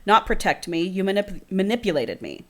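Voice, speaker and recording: A woman's voice: mid-range voice, sing-song, moderate pace. A woman voicing a young romance heroine and reading her accusing lines from a novel aloud. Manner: sharp accusing reading of book dialogue.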